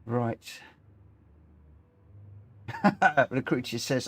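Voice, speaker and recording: Guy hosting a racing game stream, rambly and chatty, laughs at himself, normal pitch. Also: expressive, a little slow. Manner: chatty, rambling, self-deprecating. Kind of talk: casual live-stream commentary.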